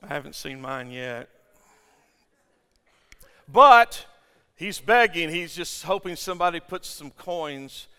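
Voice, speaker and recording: High, bright-voiced older preacher in a reverberant hall. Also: male voice, clear, resonant tone. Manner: impassioned, stammering restarts and rhetorical questions to the congregation. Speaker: pastor. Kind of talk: sermon. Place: church sanctuary. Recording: long church-hall reverb.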